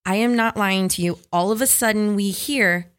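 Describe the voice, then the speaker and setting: A woman co-hosting a casual podcast, telling a story with animated flair and acting out the people in it. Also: mid-range voice, moderate pace. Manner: animated storyteller, acts out quotes. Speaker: podcast co-host.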